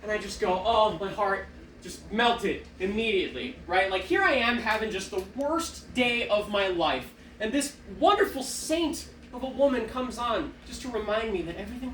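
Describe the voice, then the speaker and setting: Lively young man doing stand-up. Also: high voice, moderate pace, reverberant, recorded from a distance, slight background noise, rough recording. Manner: animated, self-deprecating storytelling. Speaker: stand-up comedian. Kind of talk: stand-up comedy set. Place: small theater stage.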